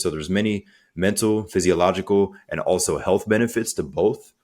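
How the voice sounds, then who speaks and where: A man speaking as a coach in a podcast interview, energetic and conversational, acting out little quotes as he talks. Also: low voice, a little fast, hardly any pauses. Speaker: guest, transformational coach.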